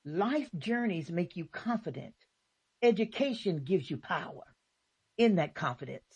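A woman's voice: lowish voice, animated, measured pace, a little mellow, breathy edge, no echo. A woman hosting a casual faith talk show, speaking emphatically and repeating her points.

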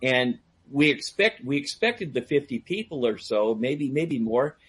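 Husky guy telling a story, gets animated, does voices for people he quotes. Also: medium pitch, unhurried. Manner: animated, acts out quoted voices, laughs a lot. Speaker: guest storyteller; DJ and karaoke host. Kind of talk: casual storytelling on a call-in talk show.

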